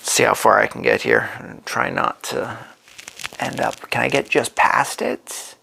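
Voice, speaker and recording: Slow gravelly man thinking aloud. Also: mid-range voice, sharp tone, a little hiss or hum. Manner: slow, thinking aloud while placing pieces. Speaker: board game channel host. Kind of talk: solo board game playthrough commentary.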